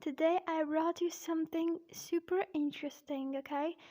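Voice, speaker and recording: Woman teaching english on her channel, high voice, chatty, keeps going "okay?". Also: fairly even intonation, moderate pace, warm tone. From Pakistan. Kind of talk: casual explainer vlog.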